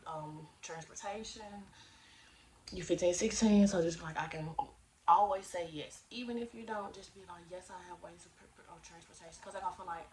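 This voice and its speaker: A woman's voice: on the low side, a little mellow, recorded from a distance, slight background noise. A young woman giving casual, slangy job-search advice in a chatty way, acting out phone calls as she goes.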